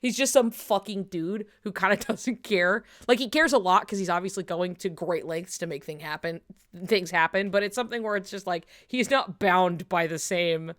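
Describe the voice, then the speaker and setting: A woman's voice: lowish voice, moderate pace, fairly bright tone. A woman streamer chatting casually during a watch-along, rambling with lots of fillers, swearing and frequent laughter.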